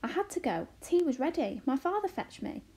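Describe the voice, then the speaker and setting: A woman's voice: sits high, big pitch swings, brisk, mellow, voice pushed up. A woman reading aloud, voicing a blunt, wary young boy with plain, matter-of-fact replies.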